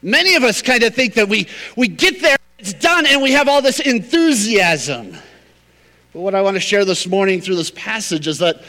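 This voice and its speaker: A man preaching a sermon as pastor, telling a story with animated, acted-out quotes. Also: sits high, moderate pace, long reverb tail.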